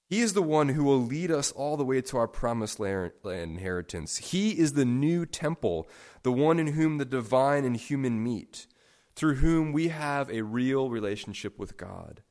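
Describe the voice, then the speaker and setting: A man preaching a sermon, stressing words by stacking them and swinging sharply between soft and loud. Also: mid-range voice, animated, moderate pace. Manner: emphatic, with sharp swings in loudness. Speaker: pastor.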